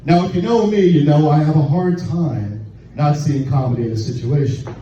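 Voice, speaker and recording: A man doing crude stand-up at a bar open mic, telling a raunchy story in a deadpan way. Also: on the high side, normal speed. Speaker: stand-up comedian. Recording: echoey, distant, muffled room recording with noise.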